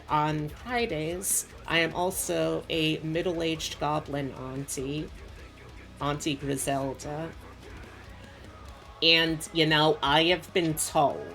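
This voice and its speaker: A woman with a low voice and an unhurried pace chats casually on a drawing stream. She wanders off on tangents and asides, and faint music plays behind her. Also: fairly bright tone. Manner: chatty and rambling, with frequent fillers and asides. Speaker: VTuber streamer.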